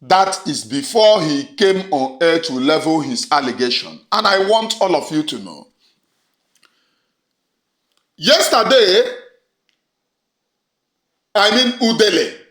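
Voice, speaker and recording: Nigerian guy ranting hard, fiery and repetitive, kinda high voice, echoey room. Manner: fiery, repetitive, swings from shouting to low intensity. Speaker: online commentator. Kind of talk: impassioned monologue. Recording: roomy echo.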